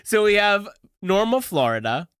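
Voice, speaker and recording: A man's voice: sits high, sing-song, moderate pace, fairly bright tone, clean tone, no echo, clean studio sound. A young adult man co-hosting a podcast in casual chat, easygoing, often trailing off and laughing. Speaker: podcast co-host.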